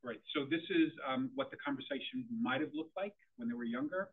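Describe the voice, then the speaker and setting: A man's voice: mid-range voice, animated, a little fast, noisy background. A man giving a conversational presentation to a group of parents, often repeating words as he starts a sentence. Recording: tinny phone-like audio of a room talk.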